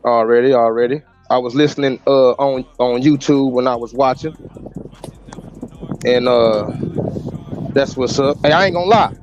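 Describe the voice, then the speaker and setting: A man from Texas in a casual boxing chat, halting and repeating words as he ranks fighters. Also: medium pitch. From Galveston, Texas. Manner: halting, repeats words while ranking boxers. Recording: dull lo-fi call audio with faint noise.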